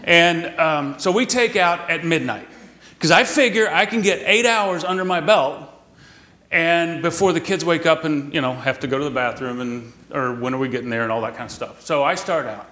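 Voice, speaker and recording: A man's voice: fairly high pitch, normal speed, pushed and bright, echoey room, a little hiss or hum. A middle-aged man from Texas, a pastor preaching a sermon, telling folksy stories and stretching out words for emphasis.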